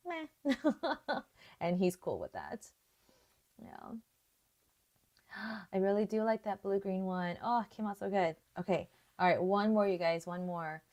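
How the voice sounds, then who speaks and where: A woman's voice: mid-range voice, big pitch swings, measured pace, pauses often, darkish tone. A young woman hosting a live watercolor painting tutorial, chatting casually, thinking aloud and laughing often. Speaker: art tutorial host.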